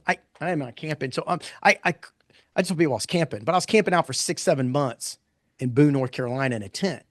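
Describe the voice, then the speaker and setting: A middle-aged man presenting poll findings in a casual live talk, blunt and animated, rambling with restarts. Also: fairly high pitch, dry recording, studio quality. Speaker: pollster presenting poll results.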